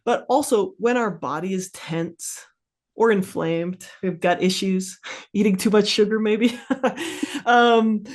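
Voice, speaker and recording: A woman's voice: mid-range voice, slow. A woman therapist being interviewed, explaining in a chatty, casual way with plenty of fillers and easy laughs. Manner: chatty, lots of "like", laughs easily. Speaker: therapist guest.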